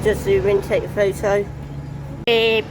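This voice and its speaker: High-voiced excitable woman filming buses outdoors. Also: measured pace. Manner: excitable, exclaiming and laughing often. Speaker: transport vlogger. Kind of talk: excited casual vlog commentary. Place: outdoors by a busy road with buses. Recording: outdoor traffic noise. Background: buses and street traffic.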